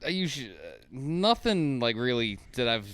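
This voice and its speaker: Man, smooth clear voice, dry close recording, laid-back and hesitant, casual podcast chat. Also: mid-range voice, very animated, normal speed, fairly bright tone, no room sound. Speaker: podcast co-host.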